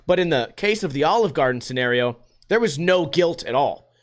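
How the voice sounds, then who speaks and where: Young guy from vegas ranting on his podcast, kinda high voice, swears a lot, does everybody's lines himself. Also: fairly quick. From Las Vegas. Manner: profane, animated, acts out quotes in other voices. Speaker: podcast host. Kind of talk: casual storytelling rant.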